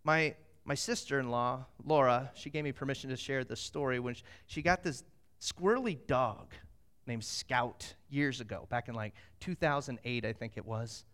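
A middle-aged man preaching a sermon, moving from slow scripture reading to lively, animated storytelling. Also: medium pitch, clean tone. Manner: animated storytelling, acts out quotes. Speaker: pastor.

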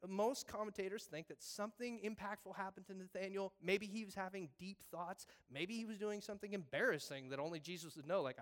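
A man's voice: high-pitched, brisk. A man preaching a sermon in a casual way, acting out the voices of biblical figures. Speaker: pastor.

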